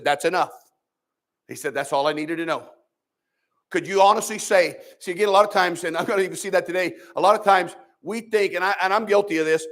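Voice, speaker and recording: A man preaches to his Sunday school class in a fairly high voice. He speaks plainly and conversationally, then surges into loud, emphatic rises before dropping back low and quiet. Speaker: pastor.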